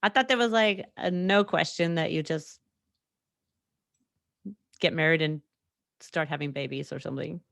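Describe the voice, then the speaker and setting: On her solo podcast, a young woman talks in a low, fairly bright voice with vocal fry, keeping a normal speed but taking long pauses. The chat is casual, candid and rambling, dotted with frequent laughter and fillers, and there's no echo.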